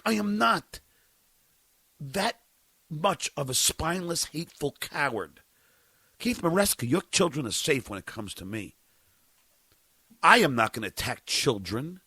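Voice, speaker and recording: With a high-leaning voice that has a breathy edge, a middle-aged podcaster unleashes an angry on-air rant full of stammers and profanity, shouting at points. There's no echo.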